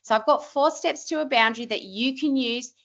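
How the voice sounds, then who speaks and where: A woman, a parenting expert, giving a lively, emphatic presentation to parents. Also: high voice, brisk, lo-fi sound.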